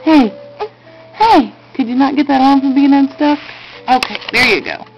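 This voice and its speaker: A woman's voice: sits high, moderate pace, creaky, dull audio, over music. A mother talking to her baby in a home video, with coaxing, sing-song baby talk.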